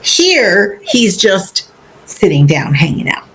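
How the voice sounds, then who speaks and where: A woman's voice: mid-range voice, very animated, a bit bright, a little hiss or hum, low-quality recording. A woman podcast host recapping a book chapter in a chatty, playful way. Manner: chatty, slow, playful retelling.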